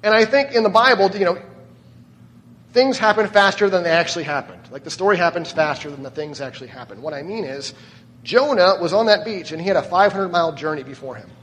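A man's voice: sits high, fast, fairly bright tone, long reverb tail, a little hiss or hum. A man preaching a sermon as pastor, conversational and often putting questions to the congregation. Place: church.

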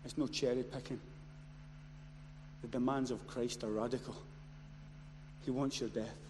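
A man preaching a sermon. He moves from quiet storytelling to loud, impassioned shouting. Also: medium pitch, fairly even intonation, measured pace. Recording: long hall reverb, faint noise.

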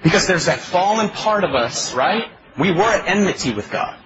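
A man's voice: high voice, animated, moderate pace, lo-fi sound, noisy background. A male pastor preaching a sermon in a pleading, emphatic way, asking his congregation questions. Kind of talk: expository sermon.

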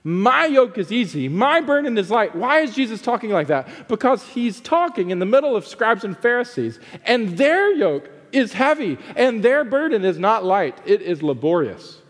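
A man preaching a sermon as a pastor, swinging between forceful emphasis and hushed pleading. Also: sits high, very animated, normal speed, hardly any pauses, long reverb tail.

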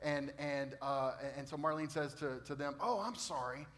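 A man preaching a sermon, repeating phrases and swinging from loud bursts to hushed tones. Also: on the high side, moderate pace. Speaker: pastor.

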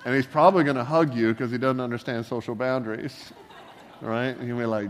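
A man preaching a sermon in a relaxed, joking, conversational way, full of asides and wry humor. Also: mid-range voice, a little fast, in a large hall, a little hiss or hum. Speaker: pastor.

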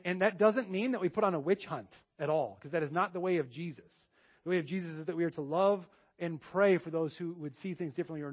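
A man preaching a sermon, telling a personal story with animated back-and-forth dialogue before turning to teaching. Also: a little high, highs cut off. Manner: animated storytelling, acts out both sides of dialogues. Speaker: pastor.

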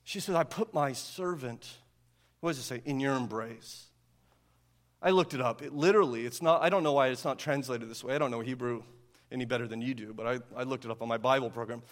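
A man's voice: medium pitch, rapid-fire, big-room sound. A male pastor giving a sermon in a conversational way, often asking "right?" to draw in his listeners. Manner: conversational preaching with frequent rhetorical "right?".

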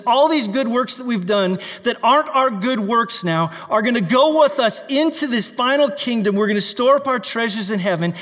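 High-voiced preacher man in a reverberant hall. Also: a bit bright. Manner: fervent preaching, reading scripture aloud. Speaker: pastor. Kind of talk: sermon.

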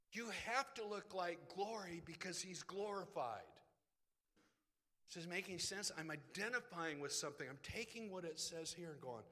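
A man preaching a sermon as a pastor, emphatic, swinging between loud declarations and hushed asides. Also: sits high, animated, normal speed. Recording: long reverb hall.

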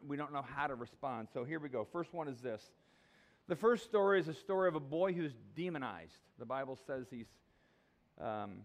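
Speaking at a fairly high pitch, a middle-aged pastor delivers his sermon conversationally, frequently starting sentences over and performing the voices of characters in the story.

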